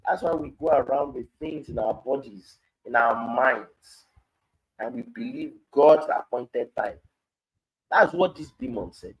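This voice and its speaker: A man's voice: medium pitch, lively intonation, unhurried, gravelly, slightly rough, highs cut off. A man with a Nigerian accent leading a live-streamed Bible study, reading scripture aloud and then explaining it in Pidgin-laced commentary.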